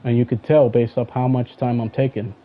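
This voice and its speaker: A man's voice: mid-range voice, level tone, fairly quick. Argumentative male gamer over a tinny line. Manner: argumentative, talks back at his online opponent. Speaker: gaming streamer. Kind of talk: live gameplay commentary. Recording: tinny phone-like sound.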